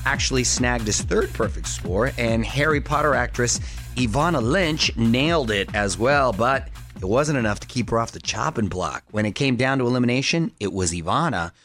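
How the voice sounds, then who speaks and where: A man's voice: medium pitch, animated, normal speed, a bit bright, faint music behind. A middle-aged man hosting a radio show from a studio, talking in an upbeat, playful, joking way. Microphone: studio microphone.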